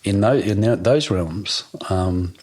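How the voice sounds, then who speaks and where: A man's voice: low voice, takes it slowly, a little mellow, breathy edge. A man, a podcast guest chatting casually and rambling with fillers and restarts. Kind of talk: casual outdoor conversation.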